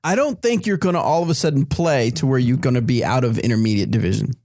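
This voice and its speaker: Male co-host, mid-range voice, teasing and halting, dry close sound. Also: medium pitch, a little mellow, no room sound. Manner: teasing, hesitant with restarts. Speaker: podcast co-host. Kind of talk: casual chat.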